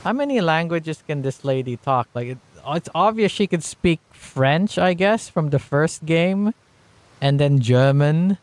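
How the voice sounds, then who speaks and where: A man's voice: fairly high pitch, animated, unhurried, darkish tone. A man giving casual live-stream commentary on a game, rambling with many fillers and restarts, sometimes reading on-screen text aloud.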